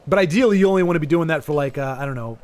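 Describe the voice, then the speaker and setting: A man's voice: fairly high pitch, racing, darkish tone. A man hosting a gaming video, chatting casually while he plays and thinking aloud through long, rambling asides. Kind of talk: casual chat while playing a game.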